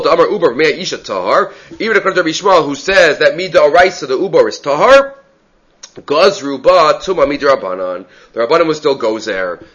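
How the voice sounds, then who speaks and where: This Talmud lecturer's voice is a little high, bright and pushed. Captured on a dull lo-fi recording, he walks through the material step by step, often asking a rhetorical "right?" and dropping in Aramaic terms.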